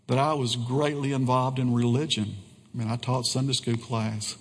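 A man preaching a sermon in a slow, earnest way, pausing often and repeating key phrases. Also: medium pitch, a bit bright, in a large hall.

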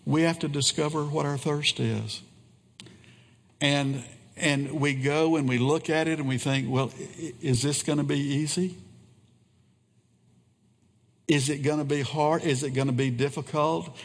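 A man preaching a sermon at a deliberately unhurried pace, leaning on earnest repetition and frequent pauses. His voice sits at an ordinary middle pitch. It rings out with a long reverb, as in a church sanctuary. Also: vocal fry. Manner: slow, earnest preaching with pauses and repeated phrases.

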